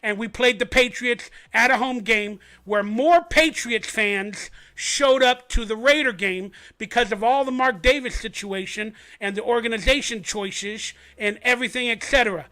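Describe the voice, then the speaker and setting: A man hosting a fan livestream, telling a story in an animated, rambling way. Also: very high voice, moderate pace, few pauses. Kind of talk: casual sports commentary.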